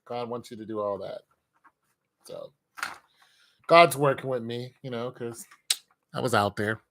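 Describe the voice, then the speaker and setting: A man's voice: mid-range voice, a little slow, vocal fry, fairly bright tone, a little hiss or hum. A man speaking in a casual monologue, rambling and candid, joking about himself and laughing often.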